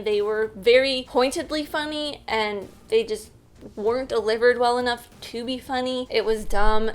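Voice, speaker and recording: Chatty young woman reviewing movies. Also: on the high side. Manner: chatty, candid, laughs easily. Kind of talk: casual movie review vlog.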